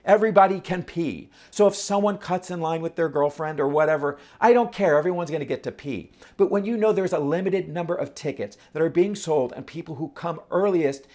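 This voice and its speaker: Man, higher-pitched voice, casual vlog talk, rhetorical, self-mocking. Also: brisk, hardly any pauses. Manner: animated, rhetorical, self-mocking, asks the audience questions. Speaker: vlogger.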